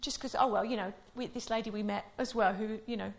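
A woman's voice: medium pitch, fairly even intonation, fast, gravelly. A woman preaching a sermon, telling stories in a chatty way before leading a prayer. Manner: chatty storytelling, laughing often.

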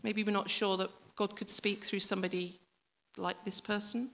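A woman's voice: medium pitch, little pitch movement, normal speed, vocal fry, a bit bright. A woman preacher giving a reflective, conversational sermon that speaks directly to the listeners and acts out voices from the story.

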